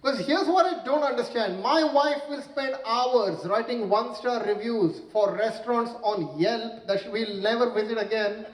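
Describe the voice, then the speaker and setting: A man performing a stand-up comedy set on stage, with deadpan punchlines and animated storytelling. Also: extremely high pitch, normal speed, hardly any pauses, roomy sound, recorded from a distance, poor audio. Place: stage in a large room with an audience.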